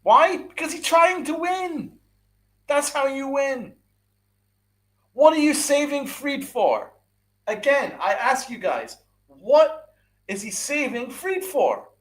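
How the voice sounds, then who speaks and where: A man's voice: very high-pitched, very animated, slow, a bit bright. A man hosting a podcast, ranting angrily and swearing, repeating his points and firing rhetorical questions at his listeners. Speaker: podcast host. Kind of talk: angry sports rant with live chat.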